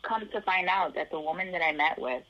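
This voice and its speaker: A woman's voice: lowish voice, fairly quick, highs cut off. A woman from the Chicago area telling her life story in an interview, acting out the voices of the people in it.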